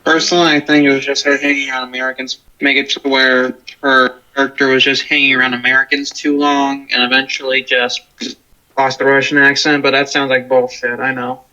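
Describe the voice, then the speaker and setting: Sharp-voiced man, dull lo-fi audio. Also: medium pitch, level tone, fairly quick. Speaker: co-host guest. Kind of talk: casual movie discussion.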